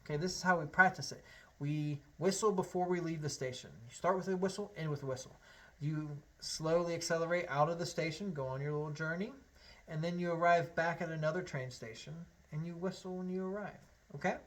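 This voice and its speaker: A man's voice: on the high side, steady tone, a little fast, fairly bright tone. A man teaching a harmonica lesson, explaining step by step in a friendly way and counting beats aloud. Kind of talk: online music lesson.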